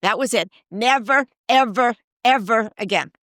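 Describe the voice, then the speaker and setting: A woman's voice: fairly high pitch, measured pace, a bit bright, no echo, clean studio sound. A woman hosting a casual chat, telling anecdotes and asking questions. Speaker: host.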